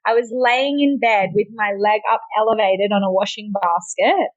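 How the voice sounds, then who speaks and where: A woman's voice: medium pitch, steady tone, normal speed, no echo, highs cut off. A young Australian woman, a podcast guest, chatting casually and laughing often at herself.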